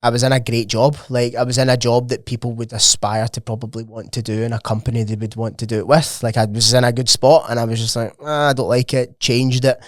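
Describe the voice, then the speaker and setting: A man's voice: mid-range voice, level tone, fast talker, few pauses, dry recording, studio quality. A young Scottish man chatting casually as a podcast guest, rambling with plenty of "like" fillers and swearing. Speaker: podcast guest, gym owner. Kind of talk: casual chat.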